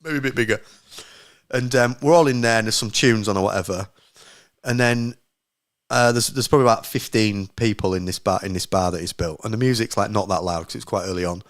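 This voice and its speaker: A man's voice: on the low side, brisk, no echo, studio quality. A man in his late thirties, a podcast co-host telling rambling anecdotes in casual chat, swearing freely and poking fun at himself. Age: late 30s.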